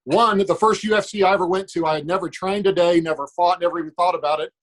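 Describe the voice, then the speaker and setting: A man, a podcast guest, telling anecdotes quickly and acting out what people said. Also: sits high, steady tone, poor audio. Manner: fast storyteller, acts out quotes. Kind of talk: anecdotal storytelling.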